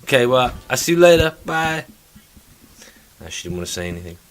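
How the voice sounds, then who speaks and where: A man's voice: mid-range voice, sing-song, brisk. Ranting man on a podcast. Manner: ranting, swears freely, mimics people in put-on voices. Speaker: podcast host. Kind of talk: casual chat.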